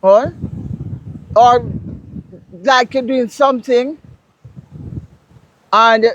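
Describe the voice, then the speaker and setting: A woman from Jamaica with a Jamaican accent, a guest explaining local words in a casual interview, telling stories in an animated, emphatic way. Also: on the high side, extremely slow, muffled recording, slight background noise. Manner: animated storyteller, lively and emphatic.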